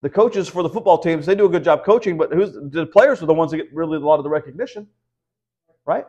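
A man's voice: a little high, expressive, quick pace, dark tone. A man teaching the Bible at a house church, preaching conversationally and often asking rhetorical questions. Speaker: pastor.

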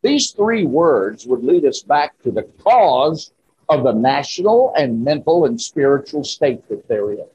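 A man preaching a sermon in church, slow and emphatic with rising exclamations. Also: medium pitch, very animated, a little mellow, muffled recording, slight background noise. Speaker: pastor.

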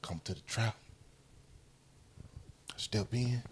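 A man's voice: fairly low pitch, drawn-out words, background noise. A man telling a story in casual talk, laughing and acting out voices and sound effects. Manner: animated, laughing, acts out quotes and sound effects. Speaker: podcast guest telling a story. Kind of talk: casual storytelling among friends.

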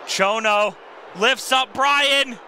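Man, wrestling game commentator, very high pitch, slow drawn-out delivery, hollering. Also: sharp tone, a little hiss or hum. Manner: hollers and laughs at big moves. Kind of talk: excited play-by-play of a wrestling video game.

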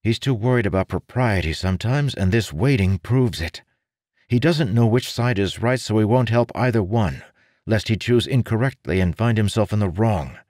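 A man's voice: fairly low pitch, animated, moderate pace, a little mellow, no echo, studio quality, voice pushed up, close to an everyday voice. A man voicing a confident, determined young nobleman who speaks firmly and earnestly. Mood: persuasive. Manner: firm, earnest, persuasive.

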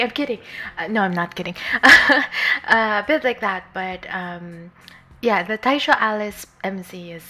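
A woman streaming a game, chatting casually with her viewers, giggling often and sometimes reading the game's lines aloud. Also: mid-range voice. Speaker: VTuber streamer. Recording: faint music underneath. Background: soft game music.

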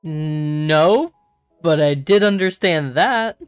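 A woman's voice: sits low, slow, clear, resonant tone, no room sound, soft background music. A woman playing in a tabletop game, casual and reactive in her replies. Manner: casual, reactive, plain-spoken. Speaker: player. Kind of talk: tabletop game role-play.

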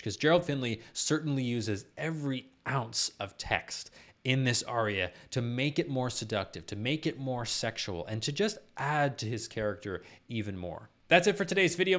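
A man with a low voice, a professional singer and vocal coach explaining singing technique step by step in a YouTube lesson. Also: fairly bright tone. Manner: patient step-by-step explaining with sung and spoken demonstrations.

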